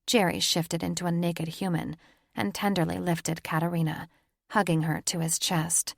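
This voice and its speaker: A woman narrating a paranormal romance audiobook with a measured, dramatic reading. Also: on the low side, little pitch movement, vocal fry, dry recording, studio quality. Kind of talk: scripted narration.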